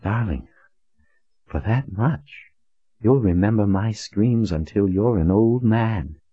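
A breathy, teasing young woman who coaxes in soft murmurs, played by a male narrator. Her voice stays husky and close, in a dull, muffled recording. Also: fairly low pitch, slow, no room sound, voice pushed up. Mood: coaxing.

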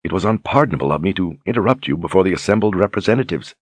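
A demure young duchess who speaks softly and courteously, as a male narrator reads her, flattering and gentle. The voice sits very deep and husky, recorded close and dry with no room sound. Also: very fast, no echo. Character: young noblewoman duchess, soft-spoken and flattering. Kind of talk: audiobook character reading.

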